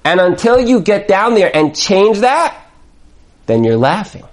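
A man giving a spoken Torah lesson, animated and acting out little dialogues. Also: high voice, measured pace. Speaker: Torah teacher.

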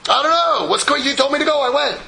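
A man's voice: high voice, animated, fast talker, bright, forceful tone, slight background noise, pitched above the performer's own voice, full character voice. A man voicing a frantic, stressed middle-aged businessman who talks as if barking into a phone. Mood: exasperated.

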